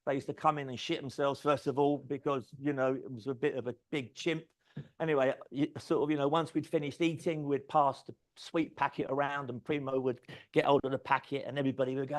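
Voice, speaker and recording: A middle-aged man giving a keynote talk, telling lively anecdotes, swearing freely and acting out quoted conversations. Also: mid-range voice, a little fast. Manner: animated anecdotal storytelling, swears freely, acts out quoted dialogue. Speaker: conference speaker. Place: event stage.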